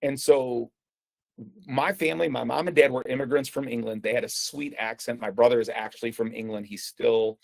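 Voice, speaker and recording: A man's voice: medium pitch, steady tone, brisk, vocal fry. A man, telling a personal story in a conversational talk with frequent fillers and restarts. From United States. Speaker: speaker presenting a talk.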